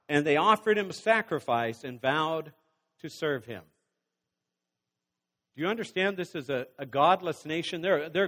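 High-voiced preacher in a reverberant hall. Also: male voice, a bit bright. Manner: reads scripture then pauses to exhort the congregation. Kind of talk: sermon with scripture reading.

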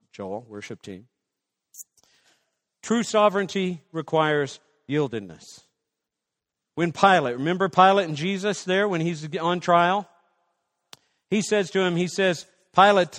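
A man's voice: on the high side, in a large hall. A man preaching a sermon as pastor, passionate, acting out prayers and little dialogues.

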